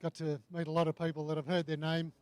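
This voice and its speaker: A man who has just finished competing, still out of breath, answering questions in brief, modest phrases. His slightly high voice stays fairly flat in pitch. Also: fast talker. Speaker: competitor being interviewed. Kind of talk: casual interview.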